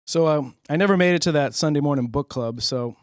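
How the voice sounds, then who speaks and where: A young man doing a stand-up comedy set, deadpan and rambling, acting out characters in quick voices. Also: on the high side, dry recording, studio quality.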